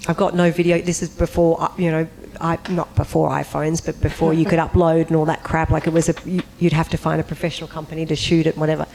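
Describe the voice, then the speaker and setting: A woman on a convention panel telling an animated anecdote, acting out voices and breaking into high, laughing squeals. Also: fast talker, vocal fry, few pauses, a little hiss or hum, poor audio.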